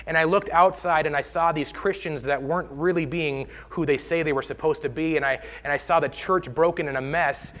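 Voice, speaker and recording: A man's voice: a little high, fairly bright tone. Man sharing an earnest faith testimony. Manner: earnest, heartfelt personal testimony. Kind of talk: sermon testimony.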